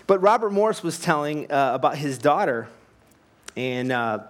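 A man's voice: a little high, lively intonation, moderate pace. A man preaching a sermon, earnest and emphatic, asking rhetorical questions and telling anecdotes. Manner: tells anecdotes with light laughs. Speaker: pastor.

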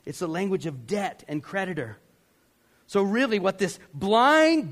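A male pastor with a high voice preaching an emphatic sermon. He mixes relaxed asides to his congregation with bursts of shouting. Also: a little slow.

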